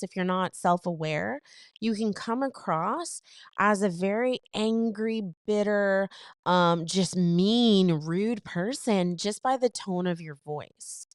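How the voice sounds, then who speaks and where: A woman co-hosting a casual relationship advice podcast, chatty and full of fillers, acting out what people say in quick little retellings. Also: medium pitch, smooth, dry recording, studio quality. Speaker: podcast co-host.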